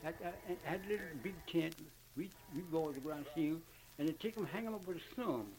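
An older man with a Southern US accent, talking in a rambling, repetitive, halting way as he recounts his memories for an oral history. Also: a little high, darkish tone. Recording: noisy old archival recording.

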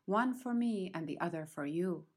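A woman's voice: lowish voice, lively intonation, normal speed, darkish tone, husky. A woman voicing a clever, vain little female bird who tricks people with sly bargains. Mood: sly, chirpy.

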